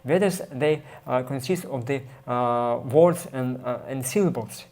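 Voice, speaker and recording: A man teaching a scripture class, reading passages aloud and explaining them haltingly, with many fillers and restarts. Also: mid-range voice, a little mellow. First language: Russian.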